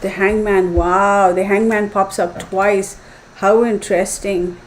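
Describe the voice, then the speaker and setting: A woman's voice: medium pitch, steady tone, takes it slowly, a little hiss or hum, low-quality recording. A woman giving a live tarot reading, thinking aloud with many fillers and restarts. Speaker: tarot reader.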